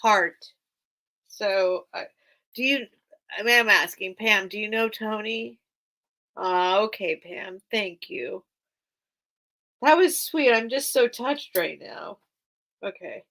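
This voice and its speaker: Chatty woman running a live vintage sale from a cluttered room at home; slow, rambling and easily touched. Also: medium pitch, fairly bright tone, low-quality recording. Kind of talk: casual live-stream auction chat.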